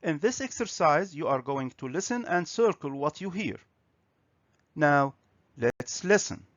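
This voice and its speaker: A man teaching a grammar and pronunciation lesson on video, speaking slowly and clearly. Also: on the high side, expressive, no echo. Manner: slow, clear, instructive. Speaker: English teacher. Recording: dry, slightly dull recording.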